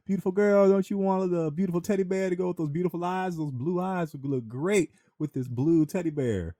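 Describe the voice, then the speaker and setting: Man doing a loud pushy carnival barker. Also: high voice, brisk, no echo, clean studio sound, voice pushed up, lightly acted. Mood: coaxing. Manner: hollering, flattering sales patter.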